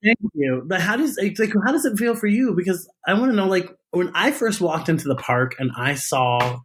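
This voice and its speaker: A man being interviewed as a guest, a drag performer telling stories in a casual chat, animated and laughing often. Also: sits high, moderate pace, slight background noise. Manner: animated storyteller, laughs and giggles often, many restarts.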